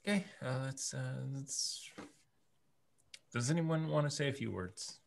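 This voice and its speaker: A man plays a tabletop game in a casual, hesitant manner. He often restarts his sentences. His voice sits at a middle pitch. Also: unhurried, gravelly. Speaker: player.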